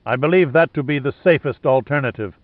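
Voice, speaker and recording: A man's voice: mid-range voice, brisk, no echo, voice pushed up, natural voice. A man reading a ruthless male henchman commander who gives stern, clipped orders. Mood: commanding. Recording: narrow phone-like sound.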